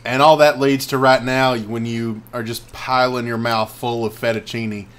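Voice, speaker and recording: A man's voice: mid-range voice, flat delivery. A young man co-hosting a casual chat show, joking and rambling. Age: young adult. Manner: joking, rambling, quick to laugh. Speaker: co-host.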